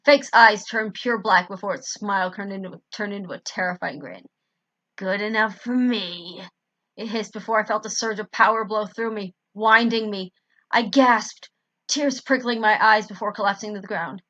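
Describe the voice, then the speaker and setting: A woman's voice: medium pitch, normal speed, fairly bright tone, no echo, dull audio. A woman reading a fan story aloud in first person, now and then stopping to correct her own misreadings. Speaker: fan fiction reader.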